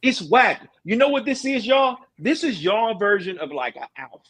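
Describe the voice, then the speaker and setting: A man's voice: high voice, sing-song, normal speed, a bit bright. A middle-aged man hosting a casual stream chat, ranting emphatically with slang. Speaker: streamer host.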